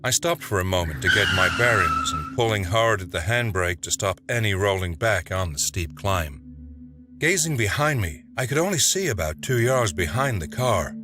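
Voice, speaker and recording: A man's voice: lowish voice, very animated, normal speed. A man narrating a first-person horror story in a dramatic, tense way. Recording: narration over music.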